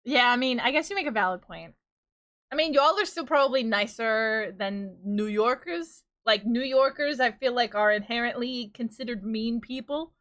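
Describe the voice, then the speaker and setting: A woman's voice: fairly high pitch, a bit bright. A woman in her thirties with a New York accent, chatting casually with her live-stream viewers, rambling and laughing often as she riffs on tangents. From New York, USA.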